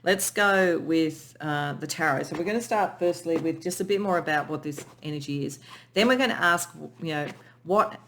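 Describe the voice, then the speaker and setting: A tarot reader speaks gently and spiritually through a pick-a-pile reading, and is moved close to tears. Sentences often restart as the reader searches for words, with the voice sitting at a middle pitch. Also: normal speed, slight background noise. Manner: emotional, soft and spiritual, with many restarts. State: tearful.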